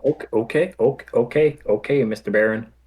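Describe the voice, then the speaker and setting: A man's voice: medium pitch, fairly quick, darkish tone, natural voice. A man voicing a nervous young male adventurer who stutters.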